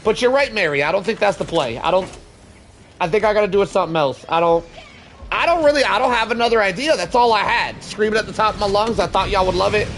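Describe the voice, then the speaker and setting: A young man streaming a co-op shooter, joking with his chat and now and then bursting into shouts. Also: sits high, expressive, fast talker, slight background noise. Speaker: game streamer. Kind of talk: casual gaming stream chat.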